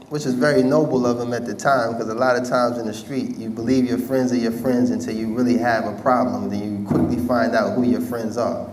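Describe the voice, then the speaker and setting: A man recounts his past to an audience in a relaxed, conversational way, using street slang and repeating himself for emphasis. His voice sits at a middle pitch. It is picked up from some distance, with faint noise underneath. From United States. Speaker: former rapper telling his life story. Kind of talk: storytelling talk to an audience.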